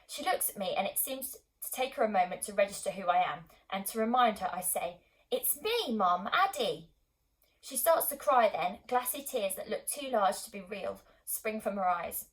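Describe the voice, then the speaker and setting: A woman narrating an audiobook in a calm, measured storytelling manner. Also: medium pitch, poor audio. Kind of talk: scripted narration.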